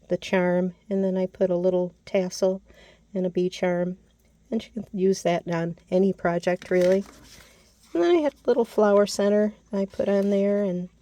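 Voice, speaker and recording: A woman's voice: mid-range voice, dark tone, dry recording. A woman casually narrating a show-and-tell of her handmade craft project, often losing a word and correcting herself. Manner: chatty, loses words and corrects herself. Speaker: crafter showing a handmade mini album.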